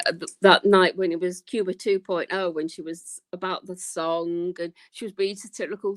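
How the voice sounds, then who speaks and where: A woman's voice: mid-range voice, expressive, moderate pace. A woman chatting on a panel, blunt and indignant in tone. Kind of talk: casual panel chat.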